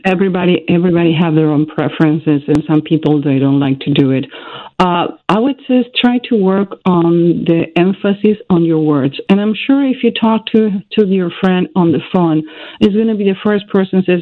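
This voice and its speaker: A woman's voice: on the low side, normal speed, dry recording. A woman guest expert giving earnest, coaching advice on a radio call-in. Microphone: phone. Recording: tinny phone line.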